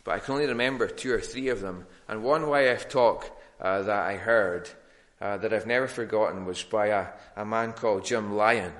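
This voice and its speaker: A man's voice: lowish voice, a bit bright. A man preaching a sermon in a plain teaching tone, with frequent ums and restarts.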